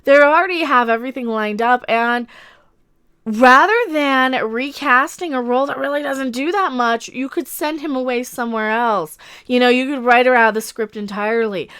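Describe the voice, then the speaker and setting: A woman with a high, smooth and clear voice rambles through casual opinion commentary. She is sarcastic and opinionated, talking to her viewers as an online commentator. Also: fairly bright tone.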